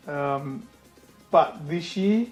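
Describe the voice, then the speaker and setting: Man, podcast co-host, animated, fairly high voice, faint music behind. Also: extremely slow. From Australia. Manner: animated, acts out quoted people, swears, laughs. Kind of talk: casual chat.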